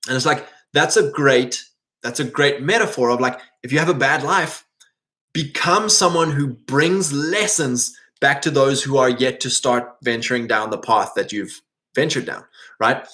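A man's voice: mid-range voice, a little slow, sharp tone. A man giving an earnest, rambling faith-based motivational talk to men, full of restarts and fillers, his voice a little strained. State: voice strained, coughing and clearing throat.

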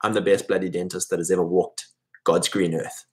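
A man's voice: low-pitched, level tone, a little fast, a little mellow, voice pushed down, lightly acted. A man voicing a cocky, boastful male dentist who reassures his patient.

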